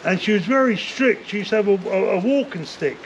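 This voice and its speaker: An older man spins long, rambling stories in an interview, swearing freely and leaning on "like" and "you know." His voice sits high for a man. The recording is dull and lo-fi, with a faint hiss behind it. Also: animated, fairly quick. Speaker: interview guest, former bare-knuckle fighter. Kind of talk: casual storytelling interview. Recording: dull lo-fi sound with faint noise.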